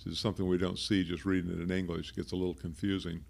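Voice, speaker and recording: A low-voiced male pastor with a steady gravelly fry races through a conversational sermon, pausing to unpack the meanings of words and wandering into asides.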